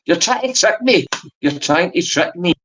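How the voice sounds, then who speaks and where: A man with a Glaswegian accent, arguing in loud, sweary banter on a livestream. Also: high voice, normal speed, slight background noise, rough recording. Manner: argumentative, sweary, excitable. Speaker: livestream guest. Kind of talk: heated banter.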